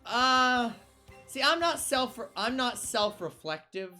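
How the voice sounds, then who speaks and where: Brief: male game streamer, bright ringing tone, quick giggly banter, reads chat aloud. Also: very high-pitched, lively intonation, soft background music. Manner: laughing, self-interrupting, reads chat aloud. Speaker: stream co-host. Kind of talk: casual gaming stream banter.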